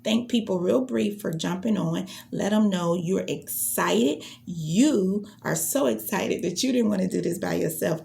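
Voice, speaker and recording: A woman's voice: mid-range voice, creaky, warm tone, slight background noise. A woman business trainer teaching how to launch a business, acting out sample greetings and introductions as she goes.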